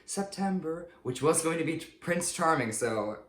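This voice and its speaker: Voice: medium pitch, animated, measured pace, fairly bright tone. A singer-songwriter chatting casually and upbeat about making an album, with a self-mocking streak. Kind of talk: casual behind-the-scenes chat. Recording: roomy echo.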